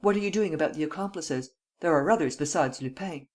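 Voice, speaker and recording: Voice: mid-range voice, a little fast, lightly acted. A reader voicing an impatient, brusque older male head of government in an audiobook. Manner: brusque, demanding. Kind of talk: audiobook reading.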